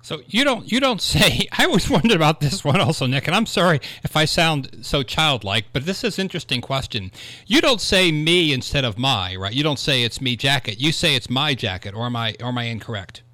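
A man hosts a relaxed radio conversation and asks curious questions. His voice is bright and forward, and it is recorded dry and close. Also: fairly high pitch, brisk, no echo. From Ohio, United States. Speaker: radio host. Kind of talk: casual radio chat.

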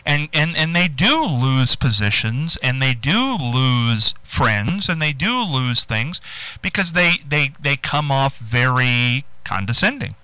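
A man's voice: medium pitch, lively intonation, takes it slowly, pushed and bright, clean tone, dry recording, rough recording. A man hosting a call-in radio show, chatting in a rambling, emphatic way. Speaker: radio host.

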